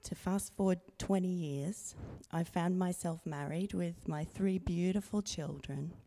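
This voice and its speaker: A middle-aged woman speaks slowly and earnestly into a handheld mic, telling her story to a church congregation. Her voice sits low and dark, with a gravelly fry running through it. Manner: slow, earnest, quiet and intimate. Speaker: baptism candidate sharing testimony. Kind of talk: personal testimony read to a congregation. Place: church sanctuary. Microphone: handheld microphone.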